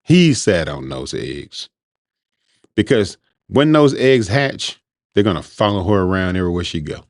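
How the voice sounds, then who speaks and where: Low-voiced man rambling casually. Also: sing-song, a little slow, dry recording, clean studio sound. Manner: rambling, conversational, informal speech. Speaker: podcast host. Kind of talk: casual monologue.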